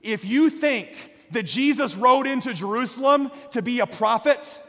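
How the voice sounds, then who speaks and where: A male pastor preaching a sermon with passion, swinging from quiet reflection to shouted calls to the congregation. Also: extremely high pitch, expressive, moderate pace. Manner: impassioned, rising to shouts, calling out to the congregation. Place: church sanctuary. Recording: long hall reverb.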